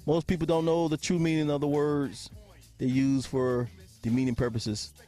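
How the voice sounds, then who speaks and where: A man with a high-pitched voice hosts a sports podcast in loose live-stream chat, cracking jokes and laughing often. He calls out viewers by name. Faint music plays in the background. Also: little pitch movement, moderate pace, dark tone. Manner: joking, laughs often, greets chatters by name.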